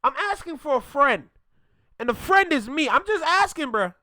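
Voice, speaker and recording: A man with a very high-pitched voice hosts a reaction video, joking casually and animatedly, putting on mock outrage and stretching words out slowly for emphasis. The audio is studio quality with no echo.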